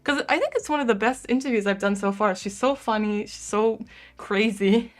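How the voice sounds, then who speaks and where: Reading viewer comments on a live stream, a young woman from the United States talks casually at a moderate pace in a voice on the high side. She has a lisp, a speech impediment, giggles frequently, and uses "like" constantly.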